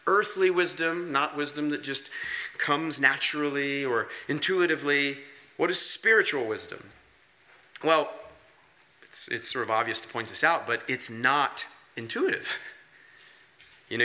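Bright-voiced, emphatic man preaching. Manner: conversational, emphatic, rhetorical questions; varies pace and pitch widely for emphasis. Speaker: pastor. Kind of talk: sermon.

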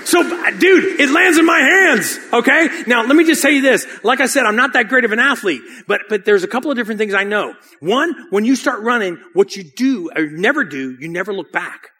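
Bright high-voiced preacher man. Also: fairly quick, hardly any pauses, breathy edge. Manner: lively and casual, often says "dude". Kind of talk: storytelling sermon.

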